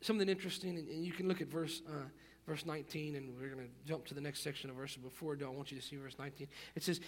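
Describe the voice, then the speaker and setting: A man preaching a sermon, reading scripture aloud and swinging between quiet, low asides and loud, emphatic passages with repeated words for emphasis. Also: quick pace. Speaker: pastor.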